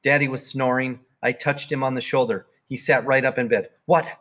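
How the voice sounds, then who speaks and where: A man's voice: medium pitch, brisk. Man reading a storybook aloud. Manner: plain, even read-aloud telling. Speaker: narrator.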